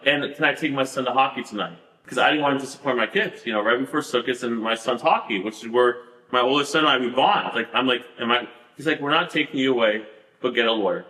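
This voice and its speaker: A man tells his story in a bright, forceful voice, animated and laughing, with fillers everywhere. The sound has a roomy echo around it. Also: mid-range voice. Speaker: podcast guest. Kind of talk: casual storytelling interview.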